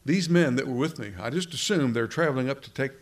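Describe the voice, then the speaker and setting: A man's voice: medium pitch, fast talker. Male preacher, mid-range voice, talks to the room casually, stumbles and restarts often. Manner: conversational, addresses listeners directly, frequent restarts. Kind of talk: sermon.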